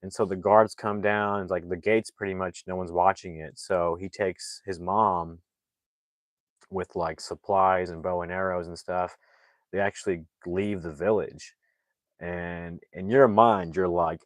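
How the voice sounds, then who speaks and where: A man's voice: deep voice, dry recording. A man retelling a movie's plot in a loose, casual way, packing his talk with "like" and slipping into the characters' lines. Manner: rambling, heavy use of "like" fillers; acts out characters' lines in quick asides. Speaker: movie reviewer.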